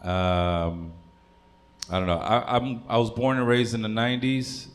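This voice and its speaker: A man's voice: on the low side, fairly even intonation, a little slow. A man in his thirties doing a stand-up comedy set, rambling and crude, stopping on fillers. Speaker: stand-up comic.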